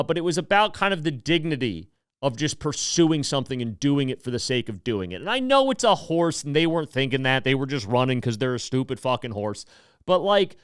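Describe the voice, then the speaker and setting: A man in his thirties hosting a podcast, talking in a rambling, animated way with swearing and emotional swings. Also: mid-range voice, smooth, no echo, clean studio sound. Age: 30s. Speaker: podcast host. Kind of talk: casual comedic monologue.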